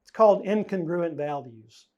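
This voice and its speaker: A man, the pastor, preaching a sermon in an earnest, conversational way, pausing and stressing key words. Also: high-pitched, dark tone, muffled recording.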